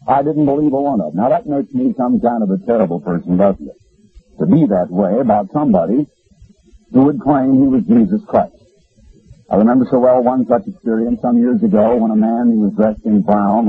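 A man preaching a radio sermon in an animated, folksy and emphatic way, with a gravelly voice. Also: mid-range voice. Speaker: radio Bible broadcaster. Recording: lo-fi radio broadcast.

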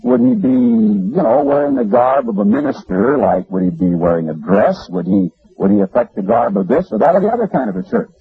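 A man preaching a radio sermon in an animated, folksy and emphatic way, with a gravelly voice. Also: medium pitch, fairly quick, hardly any pauses. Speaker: radio Bible broadcaster. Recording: lo-fi radio broadcast.

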